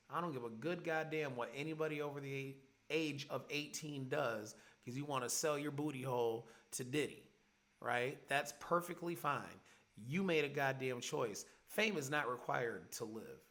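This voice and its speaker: Into his podcast mic, a forties-aged host unloads a profane, heated rant of angry commentary. He speaks at a medium pitch with a fairly bright tone.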